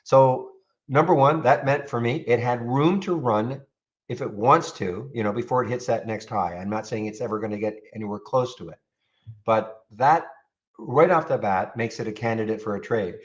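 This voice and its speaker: Live stream commentary on charts comes from a man at a moderate pace with a medium-pitched voice. He chats casually in his live trading room, answers viewers, and repeats words a lot. The audio is dull.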